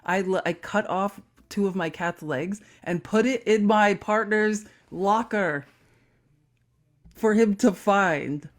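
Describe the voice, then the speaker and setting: A young woman co-hosting a comedy podcast, spinning a long, meandering tale. Her delivery is dry and sarcastic, and she keeps breaking off into side remarks. Her voice sits at a middling pitch. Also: slow pace. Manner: sarcastic, rambling storyteller. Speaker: podcast co-host. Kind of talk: casual comedic chat.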